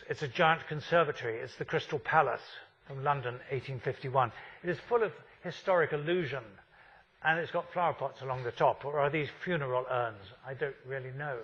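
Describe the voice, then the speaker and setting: Husky wry male lecturer. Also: mid-range voice, fairly bright tone, dull audio. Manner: wry, full of rhetorical questions. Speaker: university lecturer. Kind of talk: architecture lecture.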